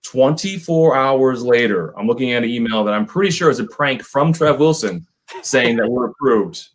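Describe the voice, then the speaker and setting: A man's voice: medium pitch, animated, normal speed. A man co-hosting a casual livestream chat, joking, laughing often and thanking viewers by name. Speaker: co-host of a whiskey channel livestream.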